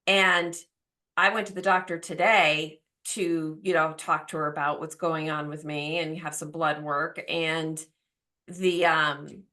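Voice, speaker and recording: A podcast host in her forties talks in a loose, chatty way, with lots of fillers as she goes. Her voice is bright and forward but sits a little low for a woman. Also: level tone, a little slow. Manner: open, chatty, full of fillers. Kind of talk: casual chat.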